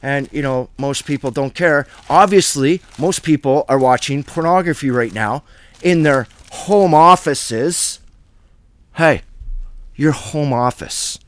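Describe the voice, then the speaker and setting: A man's voice: on the high side, measured pace, no echo. A man hosting a Bible study, preaching in a blunt, fiery, plain-spoken way.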